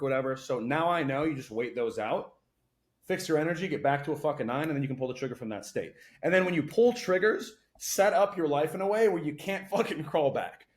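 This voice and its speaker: A young man speaks as a podcast guest in a casual, loose chat. His words come rapid-fire, full of swearing and lively storytelling, and his voice sits a touch high for a man. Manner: fast, profane, animated storytelling.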